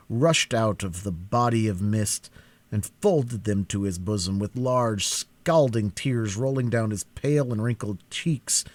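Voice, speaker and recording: A man reading a classic novel aloud in a live cold-read, with a dramatic, expressive delivery. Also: on the low side, dry recording. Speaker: audiobook reader.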